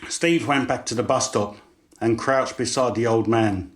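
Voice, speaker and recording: A man's voice: medium pitch, steady tone, normal speed, roomy sound. Man reading his story. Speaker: author narrating. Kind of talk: storytelling narration.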